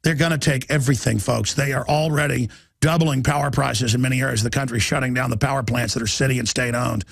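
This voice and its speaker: A man hosting a radio show, delivering an urgent, agitated monologue, rapidly reading headlines aloud and rising to shouts. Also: mid-range voice, steady tone, creaky, slightly rough, no echo. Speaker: radio host.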